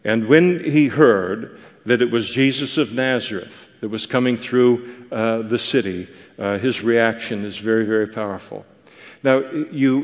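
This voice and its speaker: A man teaching a Bible passage in a conversational, animated way, often pausing on fillers and restarting his phrases. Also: mid-range voice, in a large hall.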